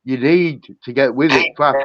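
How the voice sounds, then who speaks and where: A man's voice: medium pitch, normal speed. A man hosting a livestream, ranting angrily and swearing, repeating himself as he goes. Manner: angry, profane, repetitive ranting. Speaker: livestream host. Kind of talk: heated livestream rant. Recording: dull lo-fi dry sound.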